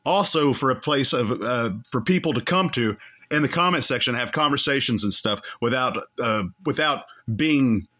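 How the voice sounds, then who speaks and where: A man's voice: mid-range voice, normal speed, sharp tone. A man hosting a commentary show, angrily calling out someone between clips, with heated, repetitive and emphatic insults.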